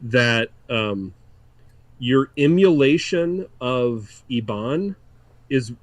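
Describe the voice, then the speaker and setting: A man's voice: medium pitch, animated, drawn-out words, dry recording, rough recording. A man running a tabletop game as dungeon master, rambling and laughing as he talks. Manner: rambling, restarts, laughs often.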